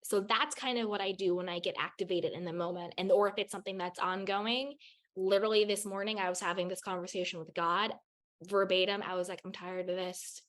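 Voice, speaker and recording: A woman's voice: medium pitch, fairly even intonation, a little fast, fairly bright tone. A woman guest on a podcast, giving candid spiritual advice in a raw, blunt way, swearing freely and repeating phrases for emphasis.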